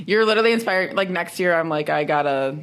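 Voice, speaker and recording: A woman's voice: on the low side, animated, quick pace, fairly bright tone. A woman co-hosting a podcast in casual chat, cheering her friend on with jokes and emphatic agreement. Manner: supportive, emphatic, jokey. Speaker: podcast co-host.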